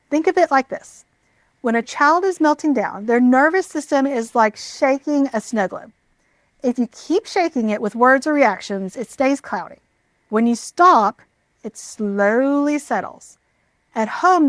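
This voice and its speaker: A woman with a slightly high voice gives parenting advice in a calm, measured, reassuring way. She is recorded close to the mic in a dry room. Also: no room sound. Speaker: parenting educator.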